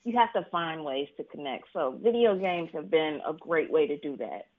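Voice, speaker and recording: A woman from Mississippi, an author, telling stories in an animated way from home, laughing often and acting out what people said. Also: normal speed. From Mississippi, USA. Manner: animated, laughs often, acts out quotes in a higher voice. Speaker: author being interviewed. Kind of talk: casual storytelling interview. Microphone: video call. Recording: tinny video-call audio.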